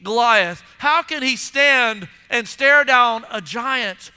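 A man's voice: very high voice, slow, smooth. A man preaching a sermon in a church and acting out the voices of onlookers. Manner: animated preaching, acts out voices of listeners. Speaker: pastor. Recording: long hall reverb.

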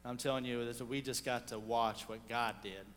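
Animated preacher telling a story in a hall. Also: male voice, mid-range voice, normal speed, slight background noise. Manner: storytelling, animated, swings from loud to hushed. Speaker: pastor. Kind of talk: sermon.

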